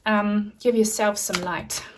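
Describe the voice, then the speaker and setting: A woman's voice: mid-range voice, fairly even intonation, takes it slowly, distant mic, slight background noise. A woman giving a tarot reading, offering earnest, direct advice with frequent fillers. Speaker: tarot reader.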